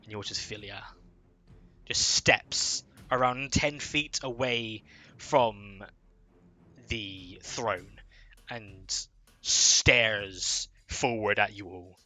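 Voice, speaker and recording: Game master guy narrating slow, really bright tone, soft music behind. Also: lowish voice. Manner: slow, descriptive scene-setting.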